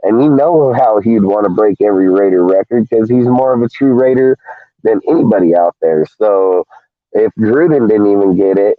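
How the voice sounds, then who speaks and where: A man's voice: on the low side, no echo. A man ranting in a casual sports talk show, heated and profane, calling everyone "dude". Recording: tinny phone-like line, dry.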